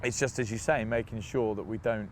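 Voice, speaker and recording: A low-pitched man from England talks casually as an interview guest, telling lively stories and mimicking other people's voices as he goes. He is recorded outdoors in a city, with faint street noise behind him. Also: fairly quick. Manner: animated storyteller, laughs and mimics voices. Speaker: interview guest, rugby player.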